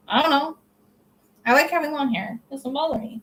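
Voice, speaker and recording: Young woman, slightly high pitch, casual opinionated vlog chat to camera. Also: animated, fairly quick, a bit bright, rough recording. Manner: chatty, opinionated, many "like" fillers. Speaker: vlogger.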